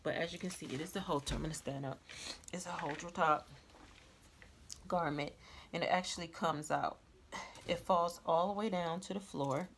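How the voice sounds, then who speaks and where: A woman vlogger with a stuffy nose, chatting casually through a clothing haul, repeating herself and filling pauses with "um". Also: fairly low pitch, slight background noise. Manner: chatty, repetitive, many fillers. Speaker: fashion vlogger.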